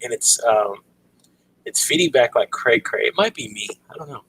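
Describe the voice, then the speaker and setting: A middle-aged man with a husky, slightly rough voice chats casually on his own livestream. He tells stories in a loose, unhurried way, filling gaps with ums and checking in with "right?" His pitch sits in an ordinary middle range for a man. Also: low-quality recording. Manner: relaxed storytelling, many ums and "right?". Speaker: livestream host.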